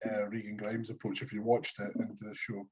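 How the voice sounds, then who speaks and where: A Scottish man co-hosting a podcast, talking about bodybuilding in animated, sweary casual chat. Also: fairly low pitch, brisk, muffled recording, a little hiss or hum. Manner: animated, sweary gym talk. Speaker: podcast co-host.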